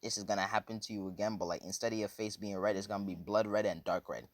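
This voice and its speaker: A man's voice: on the low side, fairly even intonation, fast talker, no room sound, lightly acted. A man voicing a cocky young male ninja hero with brash, slangy trash talk.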